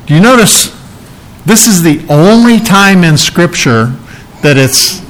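Male pastor, sermon delivery, slightly higher pitch, earnest verse-by-verse teaching. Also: lively intonation, takes it slowly, a bit bright, rough recording. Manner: earnest Bible teaching, reading verses aloud and explaining them.

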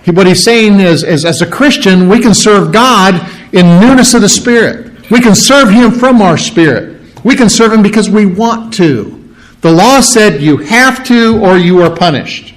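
A man's voice: sits high, lively intonation, measured pace, low-quality recording. A man preaching a conversational Bible-study sermon, full of rhetorical questions and restarts. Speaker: pastor.

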